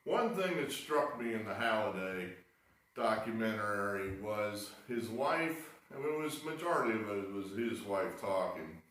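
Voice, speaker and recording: A man's voice: on the low side, animated, unhurried, fairly bright tone. A man hosting his own sports video, talking in a rambling, exasperated way with wry asides while smoking a cigar. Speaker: sports betting video host. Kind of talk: rambling casual monologue. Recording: very echoey room, mic far off.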